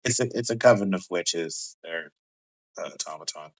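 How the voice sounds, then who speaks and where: A man's voice: deep voice, moderate pace, pitched below the performer's own voice, poor audio. A man voicing a mischievous male trickster god who talks smugly and finds chaos funny in a tabletop game. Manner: smug, amused, chaotic.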